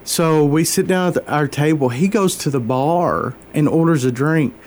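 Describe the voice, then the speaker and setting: A man as an interview guest, telling a personal faith story in an earnest, halting way, openly moved. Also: a little high, darkish tone. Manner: earnest, halting, many fillers and restarts.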